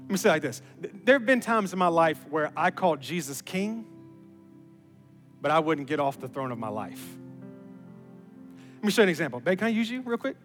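High-voiced preacher in a reverberant hall. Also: male voice, a little fast, long pauses. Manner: animated, builds to emphatic peaks. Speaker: pastor. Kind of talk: sermon. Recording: reverberant hall with music underneath.

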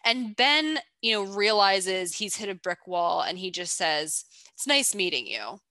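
Bright-voiced woman in casual analysis chat. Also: mid-range voice, animated, measured pace, no echo. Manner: chatty, playful, teasing. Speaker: podcast co-host.

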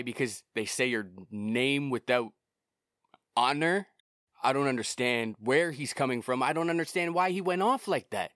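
A man's voice: a little high, fairly bright tone, no room sound. Man, solo podcast rant, profane, heated, repetitive, dry sound. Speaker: podcast host and musician.

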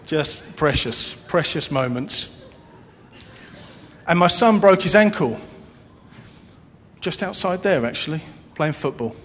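A man's voice: lively intonation, slow, pauses often. A man preaching a sermon as pastor, earnest, with a repetitive cadence. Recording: long reverb, faint rumble.

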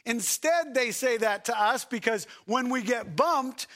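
A pastor preaches a sermon in an extremely high-pitched, animated voice, unhurried yet with few pauses. He swings between shouted lines and soft, quiet ones, asking the congregation rhetorical questions.

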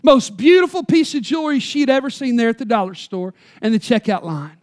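A preacher with a medium-pitched voice tells a story during a sermon in a folksy, conversational way. The delivery swings from loud emphasis to quiet, slow stresses on key words.

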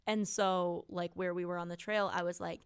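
A woman's voice: fairly low pitch, flat delivery, normal speed, smooth, dry recording, clean studio sound. A young woman from Wisconsin, co-hosting a podcast and telling a story in casual chat with many fillers. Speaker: podcast co-host. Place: small home studio. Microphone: good studio mic.

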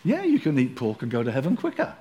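A man preaching a sermon in a lively way, acting out the voices of people in his story. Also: mid-range voice, quick pace, background noise.

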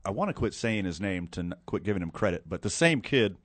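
A man hosts a podcast in loose, casual chat, joking his way through asides. His pitch swings widely as he talks. The sound is dry and close, with no room around it. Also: quick pace, no echo. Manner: animated, joking, trails into asides. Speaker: podcast host.

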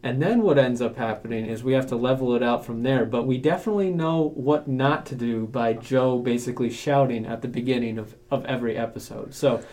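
A man's voice: mid-range voice, a little fast, hardly any pauses, darkish tone. A man co-hosting a local newspaper podcast in casual chat, chatty and laughing easily. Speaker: podcast co-host, sports editor.

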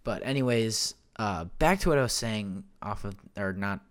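A young man with a fairly low, expressive voice hosts his own podcast from a room at home, speaking at normal speed into a desk microphone. His casual solo talk rambles, packed with fillers and self-corrections.

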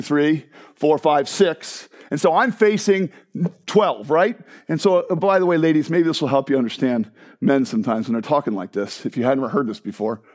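A man preaching a sermon, moving between loud emphatic proclamation and low hushed tones, with excited conversational asides to the congregation. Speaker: pastor.

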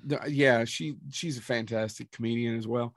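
A man with a medium-pitched, fairly even voice co-hosts a podcast at a moderate pace, rambling off on tangents and swearing now and then in casual chat. The audio is studio quality with no room sound.

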